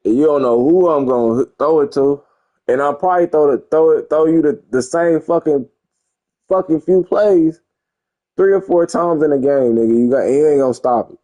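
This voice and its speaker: A young gamer streamer, a man with a somewhat high, dark-toned voice, talks at a normal speed over his football video game. He rambles, boasts and swears casually in this gameplay commentary. The audio sounds dull.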